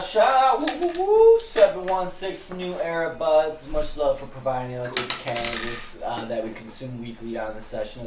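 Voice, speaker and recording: A man chatting casually as game master, telling loose stories with plenty of swearing and reading a sponsor shout-out. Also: mid-range voice, slight background noise. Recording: echoey room, far from mic, music.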